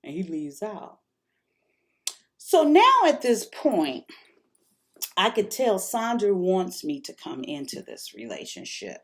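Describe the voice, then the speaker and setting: A woman's voice: mid-range voice, huge pitch swings, slow, pauses often. A middle-aged woman tells a personal story in loose, casual vlog talk. She is frank and candid, laughs often and swears without a second thought. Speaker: vlogger.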